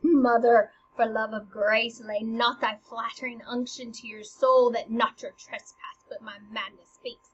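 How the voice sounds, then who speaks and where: Woman doing a worked-up young prince, urgent and accusing, highish voice, lo-fi sound. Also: level tone, measured pace, hardly any pauses, slightly rough. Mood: impassioned. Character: grief-struck young prince, intense and accusing. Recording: slightly muffled lo-fi recording.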